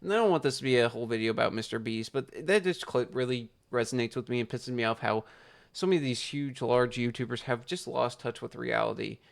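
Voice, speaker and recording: Late at night, a young male YouTuber rants into his camera in a gravelly, creaky, mid-range voice at a brisk pace. He rambles, gets worked up, swears freely and talks casually with his viewers.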